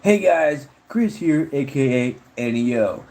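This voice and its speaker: A man putting on the voice of an overexcited male soda spokesman for a mock ad, loud and peppy. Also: medium pitch, expressive, a little slow, gravelly, voice pushed up. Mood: hyped.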